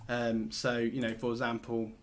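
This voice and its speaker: A man's voice: mid-range voice, monotone, moderate pace, slight background noise. Chatty man explaining steps. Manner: chatty, loose, full of fillers and restarts. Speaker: host. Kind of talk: casual screen-share tutorial.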